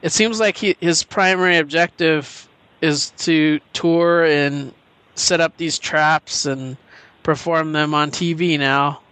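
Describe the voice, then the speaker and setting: A man with a fairly high voice chats casually as a podcast co-host. He eagerly retells scenes. The sound is close and dry. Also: steady tone, slow pace, fairly bright tone, smooth, dry recording. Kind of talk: casual chat.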